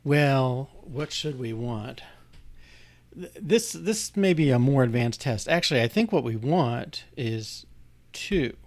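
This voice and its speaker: A man with an animated, slightly mellow medium-pitched voice takes his time through a casual live coding walkthrough. Working through code on screen, he thinks aloud, restarting often and using plenty of fillers.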